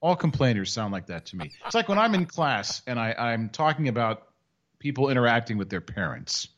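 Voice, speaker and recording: A man's voice: mid-range voice, sing-song, brisk, a bit bright, muffled recording. A man co-hosting a casual sports podcast, wry and joking, often slipping into mock voices. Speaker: podcast co-host.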